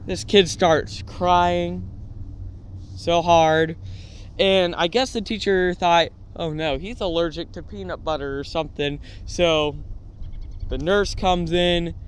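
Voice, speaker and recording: Male host, fairly high voice, relaxed anecdotal delivery with a faint hum of background noise. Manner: lively anecdotes with frequent "all right?" and "right?" tags. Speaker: storytelling channel host. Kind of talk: casual storytelling.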